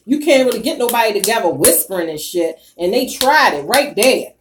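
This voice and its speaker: Animated, profane woman ranting to viewers. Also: on the high side, a little fast, noisy background. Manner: bursts of loud laughter. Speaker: YouTuber reading live chat. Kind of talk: casual live-stream rant.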